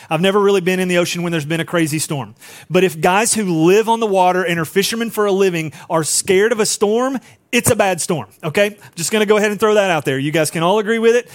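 A man preaching a sermon in a casual, conversational way, often dropping to a hushed voice for emphasis and checking in with listeners. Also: high-pitched. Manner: frequent tag questions and asides to the congregation. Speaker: pastor.

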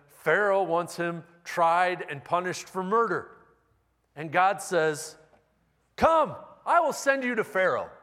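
The pastor's voice is a little high and a bit bright as he preaches in a conversational style, sprinkling in wry jokes at his own expense. The recording carries the long reverb of a large hall.

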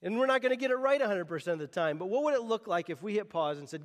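A male pastor preaching a sermon, earnest and animated, often restarting his phrases. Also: high voice, rapid-fire, in a large hall.

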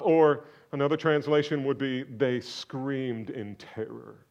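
A man preaching a sermon, swinging from loud, exclaiming questions to hushed, almost whispered lines. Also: medium pitch, steady tone, takes it slowly, vocal fry, muffled recording. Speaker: pastor.

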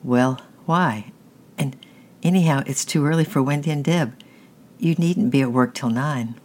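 A man's voice: medium pitch, measured pace, pitched above the performer's own voice, close to an everyday voice. A reader voicing an anxious young boy who asks urgent, pleading questions about his mother. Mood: arguing. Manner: urgent, questioning, a little raised.

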